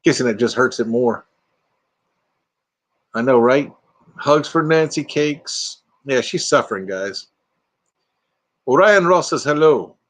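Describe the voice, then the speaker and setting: A man's voice: mid-range voice, expressive, slow, pauses often. A retired man hosting a casual livestream from his RV, chatting playfully as he reads out viewer comments and jokes around. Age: retired, middle-aged or older. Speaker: livestream host. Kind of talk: casual live chat reading viewer comments. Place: inside an RV.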